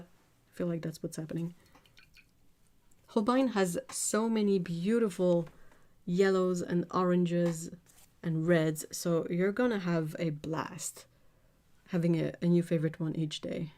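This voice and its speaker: Chatty woman, low voice. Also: fairly even intonation, unhurried, warm tone. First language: French. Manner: chatty and giggly, trailing off and searching for words. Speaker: art livestream host. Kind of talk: casual livestream chat, reading viewer comments.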